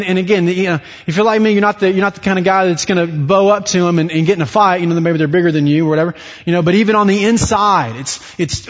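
A man preaching a sermon, moving from hushed, slow passages to loud, high-pitched bursts when acting out people's inner thoughts. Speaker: pastor. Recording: dull lo-fi sound with long hall reverb.

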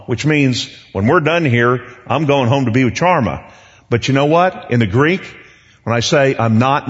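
Older male preacher, emphatic, echoing hall. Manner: emphatic, repeats words for stress. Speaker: pastor. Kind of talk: sermon. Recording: long reverb in a dull low-fi recording.

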